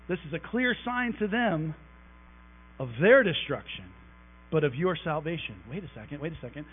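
A man preaching a conversational, animated sermon in a church sanctuary, joking with the congregation as he goes. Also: high voice, normal speed. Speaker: pastor. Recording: tinny phone-like recording with mains hum.

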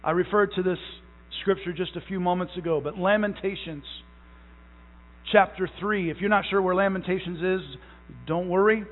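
A man's voice: sits high, fairly even intonation. A young man preaching a sermon as pastor, emphatic, stretching out key words and restarting phrases. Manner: repeats phrases, halting restarts. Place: church sanctuary. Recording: tinny phone-like sound in a long-echo hall.

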